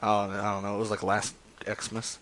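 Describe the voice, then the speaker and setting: A man with a fairly low pitch hosts a stream of prank phone calls, his delivery completely flat at a normal speed and his tone a bit bright. The talk is casual, rambling chat, and he's crude and joking, trailing off into mumbles.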